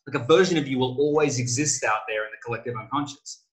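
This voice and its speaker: A middle-aged man, an author talking as a guest in a casual interview, telling stories and acting out quotes with sudden jumps in pitch. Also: quick pace, rough recording. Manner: animated storyteller, acts out quoted lines with big pitch jumps.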